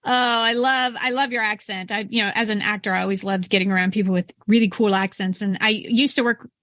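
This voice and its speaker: A woman's voice: medium pitch, steady tone, fairly quick, fairly bright tone, no room sound. A middle-aged woman hosting a podcast interview, speaking enthusiastically and laughing often. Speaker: podcast host.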